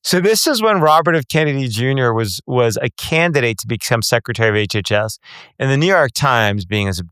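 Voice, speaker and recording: A middle-aged man hosts a podcast in a relaxed, conversational way with a wry edge. His voice is mid-pitched and smooth. The sound is dry and close. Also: fairly quick, dry recording. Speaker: podcast host. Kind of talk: casual interview chat.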